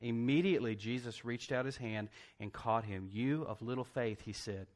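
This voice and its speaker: A man preaching, animated and folksy. He tells the story like a conversation, slips into voices for the quotes and laughs often. His voice sits at an ordinary middle pitch for a man. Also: normal speed. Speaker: pastor. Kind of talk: sermon.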